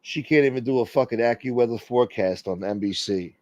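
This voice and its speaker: A man's voice: medium pitch, fairly quick, a little mellow, no room sound. A man hosting a casual livestream, reading out chat and rambling crudely with lots of swearing.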